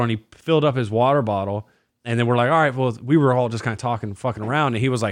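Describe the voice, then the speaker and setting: A man's voice: mid-range voice, quick pace, no echo, clean studio sound. A young man hosting a podcast, telling crude stories in casual chat and acting out what people said. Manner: profane, animated, acts out quotes. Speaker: podcast host.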